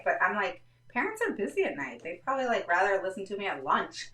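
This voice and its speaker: Fast and very animated, a woman with a mid-range, fairly bright voice runs a casual parenting live stream. She explains step by step, frequently asking her viewers "all right?", and the recording sounds roomy with the mic a little far off.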